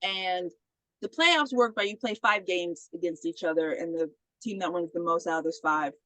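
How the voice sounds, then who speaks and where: A woman's voice: on the low side, normal speed, pushed and bright, dry recording, low-quality recording. A woman co-hosting a podcast, casually retelling a film's scenes, acting out the characters' lines and swearing freely. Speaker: podcast co-host. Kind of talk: casual movie recap chat.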